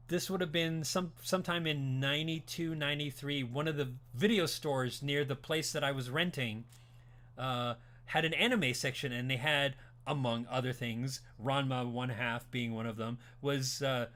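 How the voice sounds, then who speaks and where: A man's voice: mid-range voice, a bit bright. A man in his late forties or fifties hosting an anime talk stream, chatting casually and animatedly, rambling with frequent restarts, and laughing as he answers his chat. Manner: laughs while talking, reads chat aloud. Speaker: podcast host.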